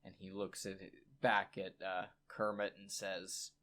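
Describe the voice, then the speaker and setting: Player, male, casual, quick asides, plain voice. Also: low voice, completely flat delivery, pushed and bright. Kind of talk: tabletop game play.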